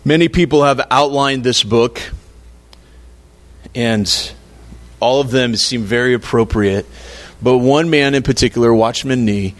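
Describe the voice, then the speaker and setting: A man's voice: mid-range voice, a little slow, long pauses. A man preaching a sermon in a conversational, playful way, acting out little quotes to make his point. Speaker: pastor.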